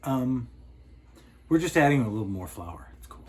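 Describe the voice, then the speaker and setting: A man's voice: mid-range voice, big pitch swings, normal speed, background noise. A man co-hosting a cooking show, trading goofy, teasing banter with his partner. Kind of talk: casual cooking chat.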